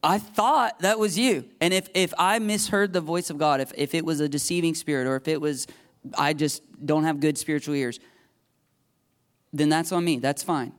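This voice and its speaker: A man's voice: fairly high pitch, moderate pace, clean tone. A middle-aged man preaching a sermon in a conversational, emphatic way, acting out the voices he quotes. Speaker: pastor.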